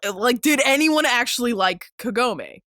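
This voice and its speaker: A woman in her twenties talks through a casual solo podcast in a bright, forward voice. She gets worked up easily, swears freely and laughs often between fillers. The sound is close and dry, with no room around it. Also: on the high side, animated, normal speed, no room sound. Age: 20s. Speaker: podcast host.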